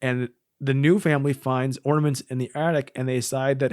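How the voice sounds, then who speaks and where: A man's voice: medium pitch, fairly even intonation, fairly quick, darkish tone, no echo, clean studio sound. A man co-hosting a podcast, recapping with sardonic humor in casual chat. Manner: sardonic, acts out scenes in funny voices. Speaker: podcast co-host.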